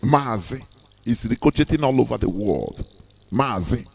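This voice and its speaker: A man's voice: mid-range voice, lively intonation, measured pace, gravelly, a little hiss or hum. A man giving an impassioned speech, emphatic, repeating words and asking rhetorical questions. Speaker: speaker on a live broadcast.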